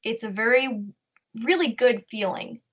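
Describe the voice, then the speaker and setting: A woman co-hosting a podcast, slowly guiding listeners through a meditation in a soothing, instructive way. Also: on the high side, animated, a bit bright, muffled recording. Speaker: podcast co-host. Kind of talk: guided meditation.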